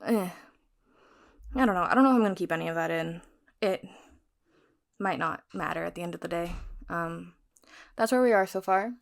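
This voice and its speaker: A woman's voice: on the low side, normal speed, creaky, pauses often. Chatty young woman recapping a novel. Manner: chatty, frank, swears freely. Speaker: book vlogger. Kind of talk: casual chat retelling a novel.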